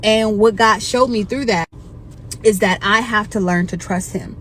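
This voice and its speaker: A woman's voice: mid-range voice, measured pace, a bit bright, slight background noise. A woman earnestly telling a personal faith story about her marriage. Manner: earnest, heartfelt testimony.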